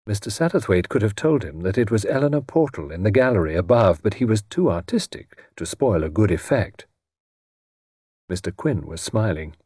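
Husky, lively male storyteller. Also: fairly low pitch, no room sound, clean studio sound. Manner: expressive, measured storytelling. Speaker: narrator. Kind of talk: scripted audiobook narration.

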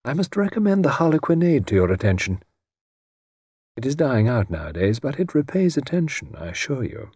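A man voicing a mysterious gentleman who speaks in a calm, measured, quietly knowing way. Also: medium pitch, slightly rough, dry recording, clean studio sound, pitched above the performer's own voice.

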